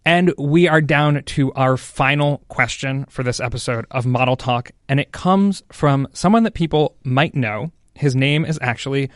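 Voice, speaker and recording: A male podcast host moves briskly through listener questions he reads aloud in a casual chat. His voice is mid-range, and the studio-quality recording is dry.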